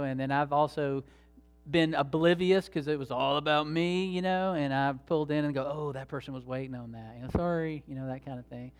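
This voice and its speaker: A man's voice: a little high, smooth. A man preaching a sermon as pastor, in a conversational, folksy way with many fillers and restarts.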